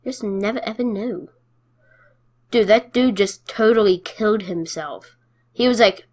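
A woman giving casual gameplay commentary, playful and excitable, cheering her wins and taunting the other players. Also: mid-range voice, a little slow, pauses often.

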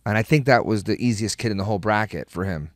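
A man's voice: on the low side, quick pace, no room sound, clean studio sound. A middle-aged man, a podcast guest, telling rambling, profane stories in casual chat and laughing as he goes.

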